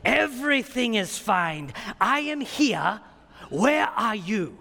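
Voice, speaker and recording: A man putting on a slow Kenyan pastor. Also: sits high, sing-song, vocal fry, sharp tone, long reverb tail, exaggerated voice. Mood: joyful. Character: gentle adult male Kenyan pastor, calm, warm.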